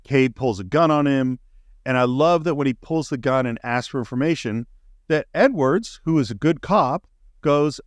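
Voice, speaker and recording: A man's voice: medium pitch, moderate pace, no echo. Enthusiastic man recapping a film. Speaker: podcast co-host. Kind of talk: casual film discussion.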